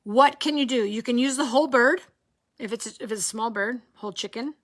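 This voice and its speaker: In an animated live online cooking class, a woman with a fairly high-pitched voice talks briskly, tossing out rhetorical questions, checking in with her viewers again and again, and joking around with them.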